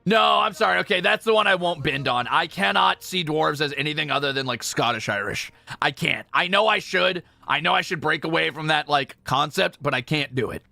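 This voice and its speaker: A man's voice: a little high, animated, a little fast, vocal fry, sharp tone, no room sound, faint music behind. A man from Europe streaming a game, chatting casually in a jokey, self-correcting way.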